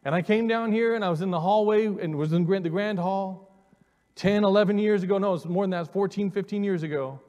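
Speaking briskly in a high, slightly mellow voice whose highs are cut off, a forties-aged pastor shares his testimony from the sanctuary. He is earnest, repeats words, and calls the congregation forward, and the hall's long reverb fills the recording.

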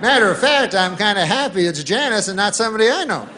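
A middle-aged man from Canada doing deadpan stand-up, rambling through a long story and putting on voices for newsmen. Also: high voice, fast, over a noisy crowd. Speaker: stand-up comedian.

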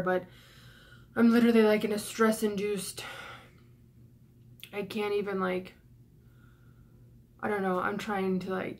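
A young woman venting to her camera in an emotional vlog rant. She sounds flustered and out of breath, rushing her words between sighs and swearing. She is stressed and close to tears, with her voice cracking. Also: mid-range voice. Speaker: YouTuber.

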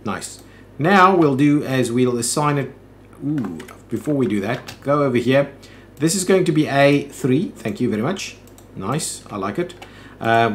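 A man's voice: medium pitch, a little hiss or hum. A man hosting a let's play, thinking aloud in casual commentary with frequent "ooh"s and "um"s.

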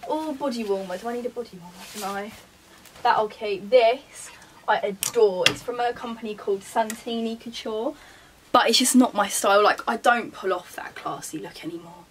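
A young woman chats away as a vlogger, teasing herself and muttering little asides. Her voice sits fairly high. She is a little back from the mic, with a faint hiss under her. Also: normal speed, recorded from a distance. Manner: chatty, self-mocking, muttering asides to herself. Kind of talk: casual chat. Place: bedroom beside her wardrobe.

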